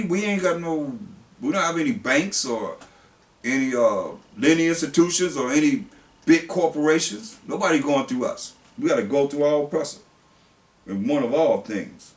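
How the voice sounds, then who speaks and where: A male preacher, who reads scripture slowly and then explains it in blunt everyday speech. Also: on the high side, lively intonation. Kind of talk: sermon. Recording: roomy, distant mic.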